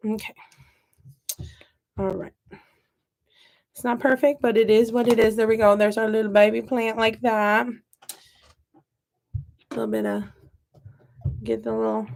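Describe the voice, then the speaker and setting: A young Midwestern woman with a Midwestern accent chats and rambles while repotting seedlings for her gardening vlog, poking fun at herself along the way. Her voice sits on the high side and is creaky.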